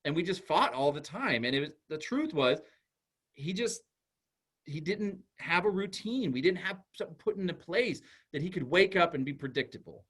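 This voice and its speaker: Guy talking to parents, kinda high voice, super animated ups and downs, chatty, acts stuff out. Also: moderate pace, slightly rough. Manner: animated, conversational, acts out little dialogues. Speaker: school psychologist speaker. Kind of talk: informal talk to parents.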